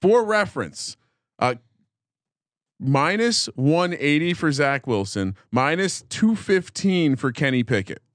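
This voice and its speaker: A man's voice: on the high side, animated, slow pace, no room sound, clean studio sound. A middle-aged man co-hosting a sports betting podcast, with wry, teasing banter. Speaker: podcast co-host.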